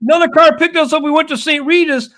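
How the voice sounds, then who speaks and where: An older man co-hosting a casual sports talk show, telling an animated story and acting out the dialogue. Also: very high-pitched, fast. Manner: animated, acts out quoted dialogue. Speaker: co-host.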